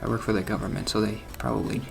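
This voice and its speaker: A man's voice: lowish voice, level tone, very fast, gravelly, soft background music. Awkward, self-mocking gaming vlogger man. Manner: awkward, self-deprecating, laughs at himself. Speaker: gaming channel host. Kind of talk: rambling casual commentary over gameplay.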